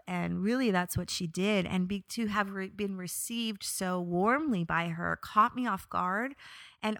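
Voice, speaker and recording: A young woman with a bright, ringing voice tells a story from her own life on her podcast, lively when she acts out what she said and softer when she reflects. She is recorded up close in a dry, dead room. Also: medium pitch, dry recording. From New York area. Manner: expressive, animated when quoting herself, reflective. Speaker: podcast host. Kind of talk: personal storytelling monologue.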